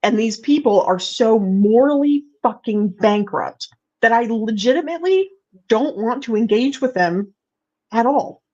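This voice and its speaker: A woman's voice: on the high side, lively intonation, a little slow, a little mellow. A woman hosting a casual chat, speaking candidly with swearing and frequent restarts. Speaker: host. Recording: dull lo-fi sound.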